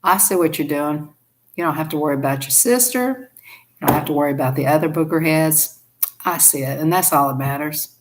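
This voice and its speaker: Southern woman quoting a gentle God. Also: low-pitched, fairly quick, lightly acted. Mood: reassuring. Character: God, a gentle, reassuring male deity.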